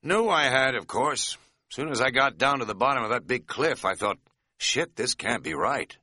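A man's voice: medium pitch, lively intonation, moderate pace, pushed and bright, dry recording, pitched above the performer's own voice. A man voicing a scatterbrained middle-aged hiking buddy who talks in a folksy, rambling, self-mocking way. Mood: cheery relieved. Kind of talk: audiobook character voice.

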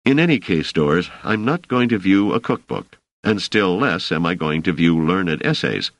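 A man's voice: low-pitched, expressive, moderate pace, fairly bright tone, dry recording, pitched above the performer's own voice. A man reading aloud who voices a scholarly stranger with a dry, ironic, exasperated manner. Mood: wry.

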